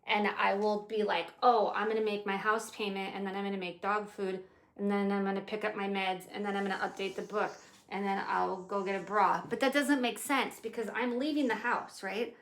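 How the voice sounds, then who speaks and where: Fifties lady planning her day, chatty and rambly, swears a bit, mid pitch, echoey room. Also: steady tone, fairly quick, fairly bright tone. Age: 50s. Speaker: vlogger. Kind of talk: casual day-planning chat.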